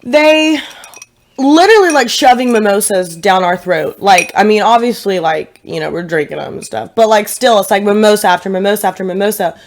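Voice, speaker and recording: There's a little hiss or hum behind this medium-pitched woman, who talks a bit quickly. In her twenties and from Tennessee, she co-hosts a casual podcast with chatty, playful banter and frequent laughter.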